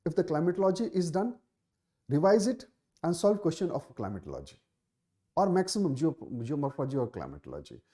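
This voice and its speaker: Indian English male exam tutor, live Q&A, lively pitch, mellow tone, repeats key points. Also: brisk. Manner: emphatic, repeats key phrases, many fillers. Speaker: exam coaching teacher. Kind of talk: live Q&A session answering student questions.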